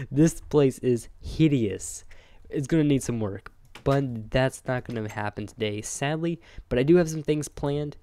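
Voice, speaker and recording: A young man talks over his own gameplay in a clear, smooth voice, rambling along and getting excited as he goes. He sits close to a desk microphone at home, and the sound is dry and close. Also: medium pitch, unhurried, dry recording. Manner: rambling and excitable, chatting to animals. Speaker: gaming channel host. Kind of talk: casual gameplay commentary.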